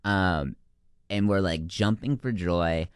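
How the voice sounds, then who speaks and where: A man's voice: low voice, slow pace, clear, resonant tone, dry recording, clean studio sound. Rambling young man telling a camp story. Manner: rambling, heavy use of "like" and "um". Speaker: guest, former camp counselor. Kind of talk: casual storytelling.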